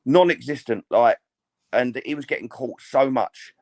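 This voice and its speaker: A man's voice: medium pitch, unhurried, a little mellow. A man co-hosting a casual boxing podcast, chatty, often stammering and restarting his sentences. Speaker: podcast co-host.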